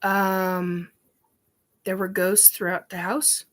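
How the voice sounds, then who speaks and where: A woman's voice: medium pitch, flat delivery, takes it slowly, a bit bright. A woman hosting a show, telling a personal story in a rambling, emphatic way with many ums and restarts. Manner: emphatic, swears casually. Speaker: host.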